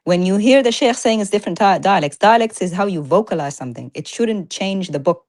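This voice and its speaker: A woman co-hosting a live-streamed talk show, arguing emphatically in casual chat with rapid-fire rhetorical questions. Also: medium pitch, lively intonation, a little mellow, no echo.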